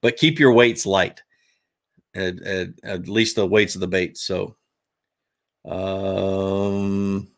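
A man with a fairly low voice hosts a live stream in a loose, unhurried way. He reads out viewer questions and answers them off the cuff, trailing into ums and restarting his sentences as he goes. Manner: relaxed, rambling, reads out chat questions, frequent ums and restarts. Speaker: livestream host answering viewer fishing questions. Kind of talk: casual live Q&A chat.

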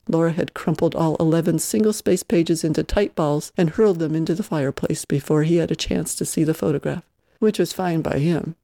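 A reader narrating a novel in a steady, measured storytelling manner. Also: mid-range voice, vocal fry, dry recording, clean studio sound. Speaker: audiobook reader.

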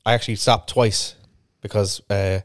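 Man, podcast co-host, sweary animated storytelling, somewhat low voice, dry close mic. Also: normal speed, no room sound. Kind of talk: casual chat.

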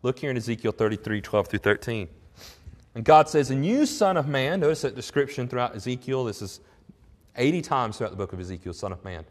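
Male pastor, mid-pitched, earnest conversational preaching, long hall reverb. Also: expressive, fairly quick. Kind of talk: sermon.

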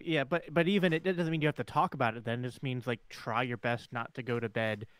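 A man's voice: medium pitch, fairly even intonation, fast talker, a bit bright, smooth, no room sound. A man co-hosting a casual panel chat, speaking earnestly and reflectively with frequent restarts. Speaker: podcast co-host.

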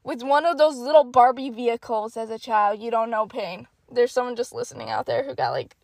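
A young woman with a high voice and a gravelly, fried edge chats on her podcast, laughing at herself as she tells stories and swears freely. She talks into a close mic in a dry, dead room with no echo. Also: a little fast. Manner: animated, self-mocking, swears freely. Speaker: podcast host. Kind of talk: casual storytelling monologue.

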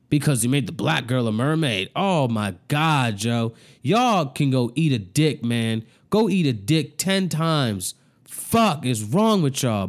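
A man delivers an exasperated, profane rant to camera. He keeps repeating himself, and his slightly high voice swings widely in pitch as he talks. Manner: angry, exasperated, heavy swearing, repeats himself. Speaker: vlogger.

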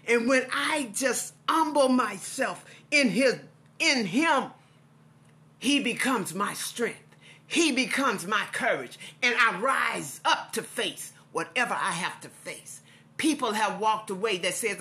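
A woman's voice: medium pitch, pushed and bright. A middle-aged woman preaching an impassioned devotional sermon with a repetitive cadence.

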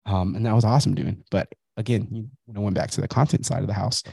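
A man's voice: on the low side, fairly even intonation, fast talker, gravelly, dark tone, slightly rough, dry recording. A man in his thirties hosting a podcast, talking bluntly and profanely in a casual motivational monologue, while dealing with a migraine. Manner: blunt, profane, self-reflective. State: has a migraine. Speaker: podcast host.

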